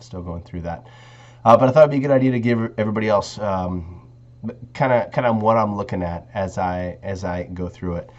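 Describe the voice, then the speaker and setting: A man's voice: low-pitched, lo-fi sound, slight background noise. A man with a sick, congested voice giving loose, conversational spoken feedback to his students as their instructor. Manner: loose and conversational, restarts phrases.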